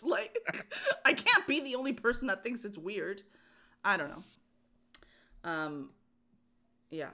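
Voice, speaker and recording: A woman co-hosting a podcast, chatting casually and telling an animated story with fillers and laughs. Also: a little high, a little slow, pauses often. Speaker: podcast co-host. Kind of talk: casual chat.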